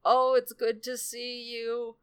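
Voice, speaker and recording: Woman doing a sly, lazy tortoise, soft and faux-frail. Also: extremely high pitch, monotone, takes it slowly, smooth, voice pushed up. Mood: feigning sickness. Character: sly lazy male tortoise trickster feigning sickness. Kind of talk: casual storytelling.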